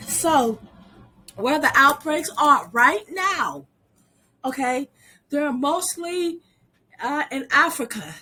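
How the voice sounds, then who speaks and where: Slow-talking sick woman vlogger. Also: high-pitched, fairly bright tone. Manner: casual, halting, reads place names with stumbles. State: sick, coughing. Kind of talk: casual commentary on news.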